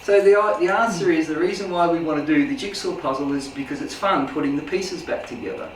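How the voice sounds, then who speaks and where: A man with a slightly high voice talks fast, loosely teaching spiritual healing to a small group in an indoor room and checking in with "right?" and "make sense?". The recording carries slight background noise, with echo from a distant mic.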